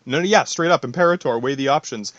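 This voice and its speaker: A man's voice: mid-range voice, fast talker, fairly bright tone, no room sound, muffled recording. A man hosting a podcast alone, rambling in a profane, stream-of-thought monologue full of asides. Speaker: podcast host.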